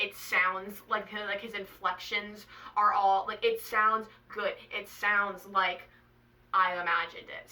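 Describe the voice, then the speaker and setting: A young woman talking casually to camera as a vlogger, chatty and excitable, with lots of "like"s and swearing. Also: medium pitch, recorded from a distance, rough recording. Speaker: author and book vlogger.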